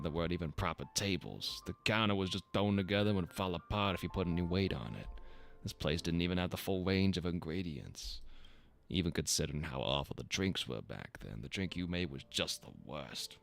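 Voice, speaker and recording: A man's voice: low-pitched, gravelly, a bit bright, full character voice. A man voicing an arrogant, rude male regular of a drinks lounge who bosses the server around with scorn. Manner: bossy, scornful, demanding.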